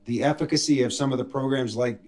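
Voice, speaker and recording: A man's voice: medium pitch, quick pace, darkish tone. Man podcast co-host; reflective, explanatory delivery. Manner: thoughtful, explanatory, mentoring tone. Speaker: co-host, instructor. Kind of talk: casual podcast chat.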